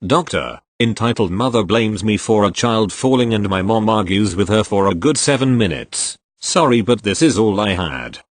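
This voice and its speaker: A man's voice: on the low side, expressive, normal speed, few pauses, no echo. A man reading online stories aloud, spelling out abbreviations letter by letter. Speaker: narrator reading online posts.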